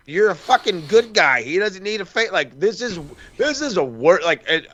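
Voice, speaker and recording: Bright-voiced swearing wrestling podcast man. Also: high voice, a little fast, hardly any pauses, highs cut off. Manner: rambling, profane, animated storytelling with quoted asides. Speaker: podcast co-host. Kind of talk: casual wrestling chat.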